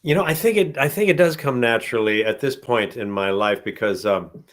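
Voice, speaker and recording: A man's voice: medium pitch, a little fast. An older male voice actor answering questions in a casual, rambling way, laughing often. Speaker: voice actor guest. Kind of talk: casual live-stream Q&A.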